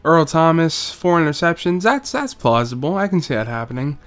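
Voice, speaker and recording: A young man with a slightly higher voice runs through his football video game, commenting casually and cracking jokes. He rambles through stats, then slips into a mock play-by-play voice. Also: very animated, moderate pace. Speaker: gaming YouTuber.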